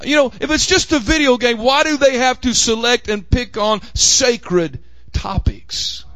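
A man with a Southern accent preaching a fiery sermon as pastor of his church, often shouting. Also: extremely high pitch, measured pace, no room sound. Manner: impassioned preaching, frequent shouting. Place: church sanctuary.

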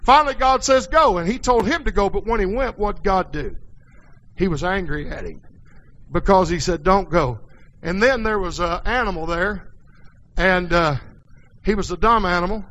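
A man preaching a folksy sermon in a church, dropping quiet and then rising to hollering. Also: high voice, normal speed, long pauses, rough recording.

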